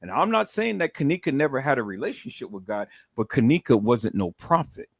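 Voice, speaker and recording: A man's voice: medium pitch, very animated, brisk, gravelly, no echo, poor audio. A man giving heated livestream commentary, cursing heavily and repeatedly addressing his audience in an angry, incredulous rant.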